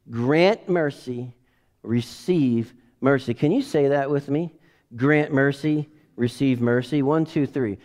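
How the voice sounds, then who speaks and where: A middle-aged man preaching as a pastor, emphatic, swinging from quiet asides to loud bursts and leading the congregation in call-and-response. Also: on the high side, moderate pace. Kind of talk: sermon.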